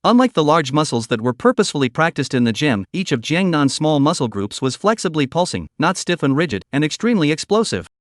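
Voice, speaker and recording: A man narrating a comic story recap in an even, read-aloud delivery on a close mic. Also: on the high side, fast talker, hardly any pauses, dry recording.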